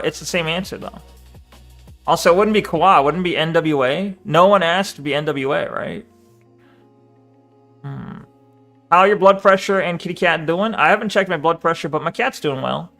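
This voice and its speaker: A man's voice: fairly high pitch, bright, forceful tone. A man streaming live, reading viewers' chat aloud and answering it in a loose, swearing, chuckling way.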